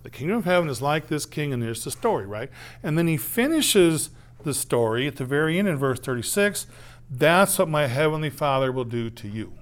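A man's voice: a little high, expressive, fairly quick. A man preaching a conversational sermon, often asking "right?" and acting out the voices in a parable. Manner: conversational preaching, acts out quoted voices, tag questions. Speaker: pastor.

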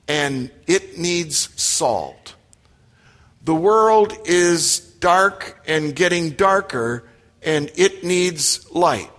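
Male pastor, slightly high voice, slow measured delivery, long church reverb. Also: fairly bright tone. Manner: emphatic, with direct questions to the congregation. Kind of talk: sermon. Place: church sanctuary.

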